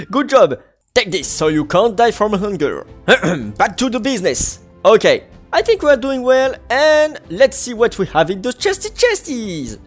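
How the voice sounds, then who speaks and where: A gamer narrating a let's-play, voice swooping up and down with lively energy. Talk is playful and exclamatory, peppered with silly sound effects. Mid-pitched, with faint music underneath. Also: measured pace. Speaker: gaming channel host. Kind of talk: Minecraft let's-play commentary.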